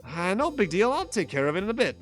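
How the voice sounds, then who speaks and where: A man's voice: high-pitched, sing-song, fast talker, soft background music, pitched above the performer's own voice. A man doing a jumpy, yelping young bellboy. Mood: flustered. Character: excitable young male hotel bellboy.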